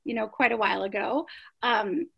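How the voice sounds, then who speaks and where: A woman's voice: fairly high pitch, normal speed, creaky, husky, dull audio. A middle-aged woman, founder of a prenatal yoga studio, telling her story in an interview with emphatic rhetorical questions.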